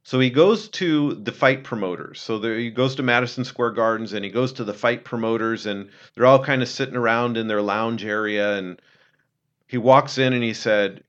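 A man telling a story in an earnest, conversational way, dropping low and quiet when he quotes someone. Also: normal speed, muffled recording. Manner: earnest, retells a film scene, drops low and quiet for quotes. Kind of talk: casual storytelling talk.

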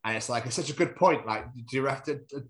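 A man's voice: medium pitch, fast talker, slightly rough. A man co-hosting a podcast in casual chat, joking and swearing freely and laughing often. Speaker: podcast co-host.

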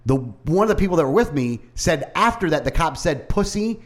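A man's voice: fairly high pitch, fairly quick. A man telling a story in casual chat, heated and profane, acting out the other people's lines as he goes. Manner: animated, profane, heated retelling with mimicked dialogue.

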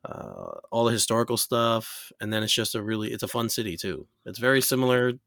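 A man's voice: fairly low pitch, sing-song, a little fast, gravelly, a bit bright, dry recording, clean studio sound. An American man hosting a podcast, chatting casually with many fillers and restarts. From United States. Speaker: podcast host. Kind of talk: casual chat. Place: New York.

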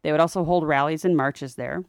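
A woman with a low voice co-hosts a history podcast, narrating in a relaxed, chatty way. She slips in wry jokes and animated asides. The sound is close and dry. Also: brisk, creaky, no echo. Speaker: podcast co-host. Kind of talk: casual history storytelling.

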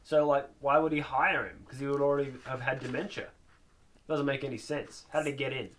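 A man's voice: mid-range voice, fairly even intonation, brisk, a bit bright, slight background noise. Chuckling, rambling male co-host. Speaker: podcast co-host. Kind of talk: casual podcast chat.

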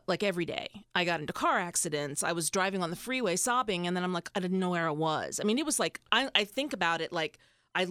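A woman's voice: fairly low pitch, pushed and bright, dry recording, clean studio sound. A woman in her fifties telling candid personal stories in casual chat, emotional and rambling, with lots of fillers and restarts. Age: 50s. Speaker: podcast guest.

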